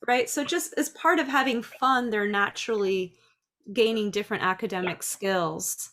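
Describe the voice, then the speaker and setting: A middle-aged woman who teaches dance and preschool, speaking in a chatty, lively way about classroom ideas. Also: medium pitch, moderate pace, a little hiss or hum. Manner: chatty, lively, acts out little voices. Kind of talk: casual talk.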